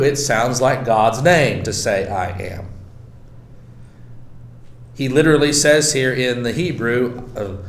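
Slow, deliberate male Bible teacher. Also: medium pitch, roomy sound. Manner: slow, deliberate, reads scripture aloud then explains.

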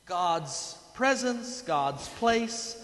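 A man's voice: high voice, expressive, very slow, a bit bright. A man preaching a sermon, telling the story dramatically and tossing in playful asides. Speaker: pastor. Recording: echoey hall with long reverb.

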